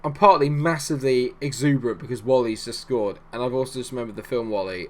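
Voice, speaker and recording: With a mid-range voice, this gaming YouTuber rattles off fast commentary on his own live match with barely a pause. He keeps it playful and hyped, shouting out loud each time his side puts points on the board.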